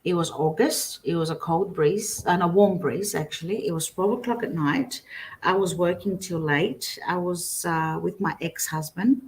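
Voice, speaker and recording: Middle-aged woman guest, animated storyteller, voice on the lower side, keeps correcting herself mid-sentence. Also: moderate pace, slight background noise. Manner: animated, lots of restarts and self-corrections. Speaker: guest psychic. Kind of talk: storytelling in a casual interview. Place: remote guest, at home.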